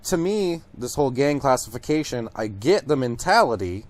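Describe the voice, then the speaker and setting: A man's voice: medium pitch, sing-song, normal speed, darkish tone. A young man from Detroit hosting a podcast, telling stories in a rambling, profane monologue full of fillers. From Detroit, USA. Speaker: podcast host. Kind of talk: casual monologue.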